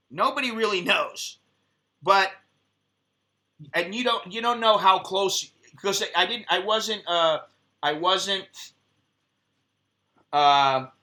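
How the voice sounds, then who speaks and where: A man with an American accent hosting a live stream, telling stories in a casual, profane way and acting out heated exchanges. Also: high-pitched. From United States. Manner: profane, animated storytelling, acts out heated quotes.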